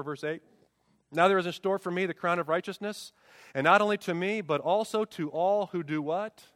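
A man with a high-pitched voice preaches a sermon. He is emphatic, throws out rhetorical questions and leans on repeated refrains. His voice carries a long reverb from a large church hall. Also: a bit bright, clean studio sound. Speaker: pastor.

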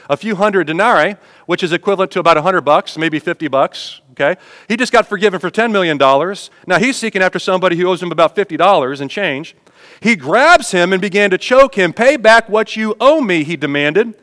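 A man preaching a sermon as pastor in a church, speaking to his congregation in a conversational way and swelling louder on key points. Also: on the high side, long reverb tail.

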